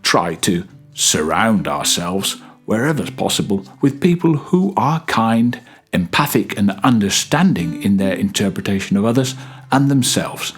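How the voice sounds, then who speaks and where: A man hosting a casual self-help chat, talking gently with rambling pauses and restarts. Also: on the low side, very animated, slightly rough, faint music behind. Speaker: podcast host.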